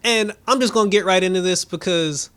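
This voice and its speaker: A high-voiced man talks through a show recap in loose, slangy, profane casual chat. He gets animated, laughs often, and mimics what characters said. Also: smooth. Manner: acts out characters' lines in quick mimicry. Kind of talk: casual reaction review.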